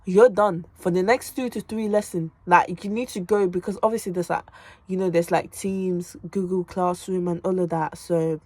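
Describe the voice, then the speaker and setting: A woman's voice: on the low side, fairly even intonation, moderate pace, a little mellow, dry recording. Emphatic young woman vlogging. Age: late teens. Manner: emphatic and repetitive, calls viewers babes and girl. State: tired from revision. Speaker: student vlogger. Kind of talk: casual direct-to-camera chat. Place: her bedroom at home.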